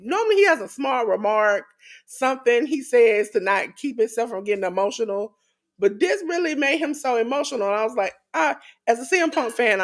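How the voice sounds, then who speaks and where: A woman co-hosting a wrestling podcast, talking in an animated, emphatic way and laughing often. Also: medium pitch. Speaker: podcast co-host. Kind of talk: casual wrestling chat.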